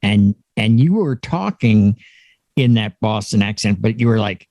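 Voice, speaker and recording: Brief: mid-pitched man, dry close mic, halting anecdotal talker. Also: expressive, mellow, no room sound. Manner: rambling anecdote with halting restarts. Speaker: panelist. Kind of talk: casual panel chat.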